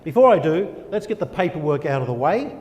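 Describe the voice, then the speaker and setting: An older man giving a personal testimony as a guest speaker, animated and asking himself rhetorical questions. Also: a little high, brisk, muffled recording. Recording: long reverb of a church hall.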